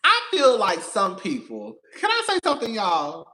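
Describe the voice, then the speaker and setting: A man's voice: high-pitched, huge pitch swings, moderate pace, sharp tone. A man hosting a casual live stream, talking straight to his viewers in a sassy, profane, long-winded way. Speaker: host of a reality TV commentary channel.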